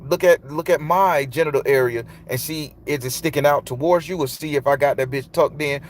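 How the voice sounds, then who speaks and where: A man's voice: fairly high pitch, fairly quick, a little hiss or hum. A man, a tarot reader telling a long, loose, profane story in casual monologue. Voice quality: loose, profane, emphatic delivery.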